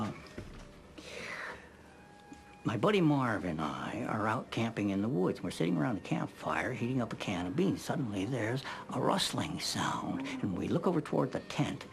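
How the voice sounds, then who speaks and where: A man's voice: lowish voice, vocal fry, slight background noise. An actor playing a folksy older male barber who spins rambling yarns in an easygoing way. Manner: easygoing, rambling yarn-spinner.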